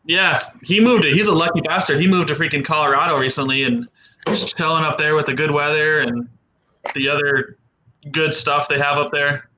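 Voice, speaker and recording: A man's voice: a little high, fairly even intonation, normal speed, bright, forceful tone, a little hiss or hum, rough recording. A man hosting a casual livestream chat with friends, rambling and repeating words as he talks. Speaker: livestream host.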